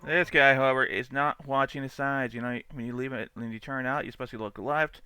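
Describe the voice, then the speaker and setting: A man's voice: mid-range voice, steady tone, a little fast, pushed and bright, smooth. A man doing casual live-stream commentary on dash cam clips, chatty and swearing freely. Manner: chatty, laughs often, swears freely, mimics angry drivers.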